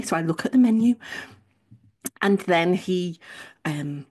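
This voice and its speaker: A woman's voice: on the low side, lively intonation, moderate pace, a little mellow. Chatty English woman telling a story. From England. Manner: chatty storytelling with restarts and self-corrections. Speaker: podcast co-host. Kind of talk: casual chat.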